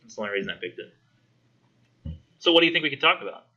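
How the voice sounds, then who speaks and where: A man teaching a college English class, talking casually and acting out characters in quick voices. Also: medium pitch, very animated, sharp tone, dull audio. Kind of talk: classroom discussion lecture.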